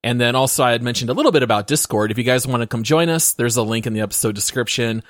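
A man co-hosting a casual podcast with a mid-pitched voice and a wry, teasing manner. The sound is close and dry, with no room around it. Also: rapid-fire, no room sound. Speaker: podcast co-host. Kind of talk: casual chat.

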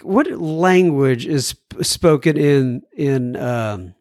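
A man's voice: medium pitch, expressive, slow pace, darkish tone, no echo, clean studio sound. A man from the United States hosting a podcast, reading listener messages with a playful, laughing manner and earnest encouragement. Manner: laughs often, playful and teasing. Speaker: podcast host.

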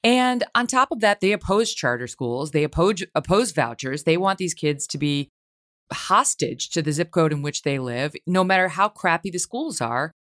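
A woman's voice: low-pitched, animated, normal speed, a bit bright. A woman hosting an interview, talking in an emphatic, indignant way. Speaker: podcast host. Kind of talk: conversational interview.

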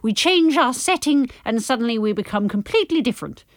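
A woman's voice: on the high side, lively intonation, brisk, no echo, clean studio sound, natural voice. A woman voicing a theatrical female mystic who practices bibliomancy, talking in a grand, breezy, self-important manner on an improvised comedy podcast. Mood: grandiose.

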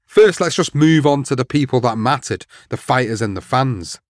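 A man's voice: mid-range voice, expressive, moderate pace, no echo, clean studio sound. A man hosting a boxing history show, telling the story steadily and reading out quotes. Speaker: podcast host.

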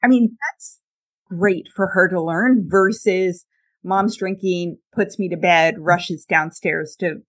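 A woman's voice: on the low side, slow. A woman in her thirties telling personal stories candidly in a casual chat, with many fillers. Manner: candid, uses fillers, tells anecdotes.

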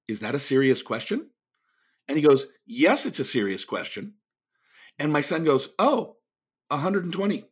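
A man's voice: medium pitch, slightly rough. A middle-aged man, a speaker and author, telling a long story in an interview and acting out the people in it. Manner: animated storyteller, acts out quoted voices.

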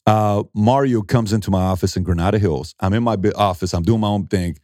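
Emphatic storytelling man, low voice. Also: a little fast, no echo, studio quality. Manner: animated storyteller acting out quotes, emphatic. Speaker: entrepreneur and mentor, interviewee. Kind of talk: conversational interview.

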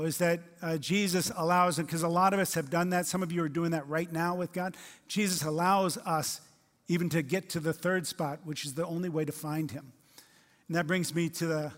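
High-voiced pastor preaching in a reverberant hall. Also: male voice. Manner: animated, acts out quoted voices, swings from loud to hushed. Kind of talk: sermon.

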